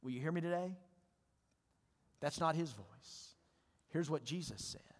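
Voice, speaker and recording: A man's voice: fairly high pitch, animated, unhurried. A male pastor giving a sermon in a church, talking conversationally and asking his congregation questions. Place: church sanctuary. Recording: long church reverb.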